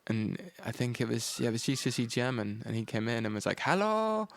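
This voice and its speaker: A young man co-hosting a laid-back podcast, with a mid-pitched voice and a gravelly edge. He talks in a wry, playful way and often drops in old-fashioned exclamations. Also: little pitch movement, fast, dry recording. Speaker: podcast co-host. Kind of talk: casual chat.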